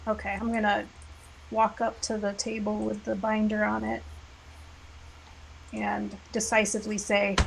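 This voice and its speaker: A woman playing in a tabletop game, calmly stating what her character does. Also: medium pitch, measured pace, vocal fry, pauses often, a little hiss or hum, rough recording. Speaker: player. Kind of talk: casual tabletop play.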